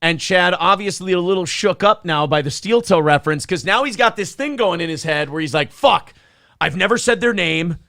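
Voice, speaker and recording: A man hosting a podcast, reacting to a clip with animated, profane, mocking commentary. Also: high voice, fairly quick, hardly any pauses, dry recording, clean studio sound. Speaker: podcast host.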